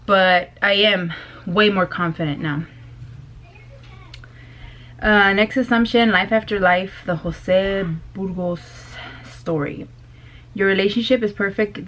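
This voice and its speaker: Woman vlogger, casual and loud, mid-pitched, quick to laugh, faint room noise. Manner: loud, bubbly, laughs often. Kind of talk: casual chat to camera. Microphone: compact camera.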